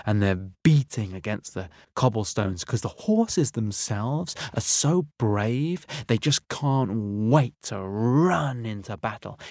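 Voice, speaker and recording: A man voicing a clever, eager young male helper in a storybook, speaking quickly and knowingly. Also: lowish voice, a little mellow, dry recording, clean studio sound.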